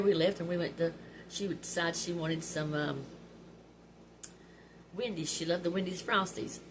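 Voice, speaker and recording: Low-voiced woman telling stories. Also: low-quality recording. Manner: heartfelt and chatty, often laughing through tears. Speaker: vlog host. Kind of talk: personal storytelling. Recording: background noise.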